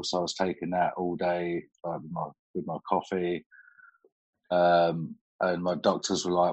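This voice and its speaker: Husky deep-voiced middle-aged man. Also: level tone, a little slow, a little mellow, lo-fi sound. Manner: chatty storyteller, laughs often, swears casually. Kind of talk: casual chat.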